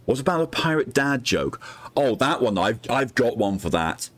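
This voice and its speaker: Jokey streamer, lively voice. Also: male voice, medium pitch, moderate pace. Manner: jokey, chatty, laughs at his own puns. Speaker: game streamer. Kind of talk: casual gameplay commentary.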